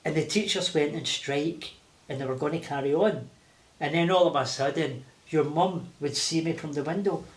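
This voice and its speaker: An older man with a Glaswegian accent, telling lively stories with laughter as an interview guest. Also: a little high, normal speed. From Scotland. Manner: animated, laughing, acting out voices. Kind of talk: casual storytelling. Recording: roomy echo.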